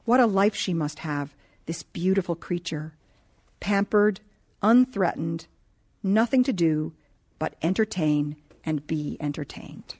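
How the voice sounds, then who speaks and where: A woman narrating a novel in a calm, measured reading voice. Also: lowish voice. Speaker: audiobook narrator. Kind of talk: scripted narration.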